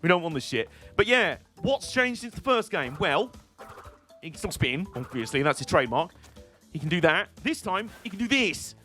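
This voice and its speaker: A British man giving casual gameplay commentary with a rambling, irreverent sense of humour. His voice sits a little higher than most men's. Faint game music plays underneath. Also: big pitch swings, moderate pace, bright, forceful tone. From Britain. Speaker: game streamer.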